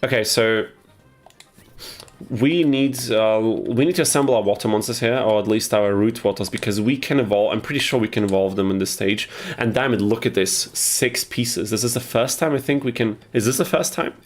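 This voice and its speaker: A man's voice: on the low side, normal speed. A young man casually chatting on a live game stream, answering chat as he plays, on a headset mic. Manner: chatty, reads and answers chat while playing.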